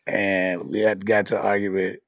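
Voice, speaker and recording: A middle-aged man hosting a podcast in casual chat, telling animated, profane stories and laughing often. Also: low voice, measured pace, creaky, dry recording, studio quality. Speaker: podcast host.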